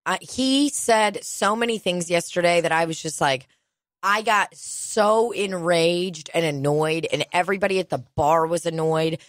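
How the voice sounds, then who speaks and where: A young woman co-hosting a podcast, chatting casually and telling animated stories, mimicking people and swearing freely. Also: fairly low pitch, unhurried, no echo, clean studio sound. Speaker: podcast co-host. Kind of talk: casual comedic chat.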